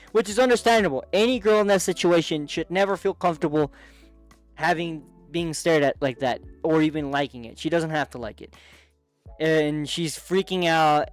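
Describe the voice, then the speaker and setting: Brief: chatty male manga recapper, slightly higher voice, excitable, with faint music under. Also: moderate pace. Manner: excitable, chatty, many restarts and asides. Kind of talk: casual commentary.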